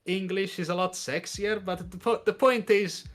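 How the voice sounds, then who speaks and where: A man with an Italian accent, a podcast guest chatting casually and telling his story with expressive energy. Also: high voice, normal speed, soft background music. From Italy. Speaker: podcast guest, content creator.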